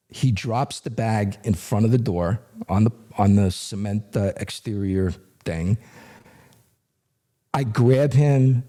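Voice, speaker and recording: A middle-aged man, a retired federal agent, telling a story in an animated, conversational way as a guest. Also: lowish voice. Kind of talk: storytelling in a podcast interview.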